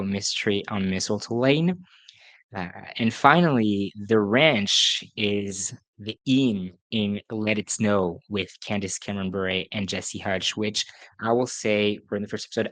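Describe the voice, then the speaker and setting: A man's voice: fairly low pitch, fairly bright tone, no room sound. Chatty man hosting a podcast. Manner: chatty, self-correcting, laughs at himself. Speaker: podcast host. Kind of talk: casual solo podcast review.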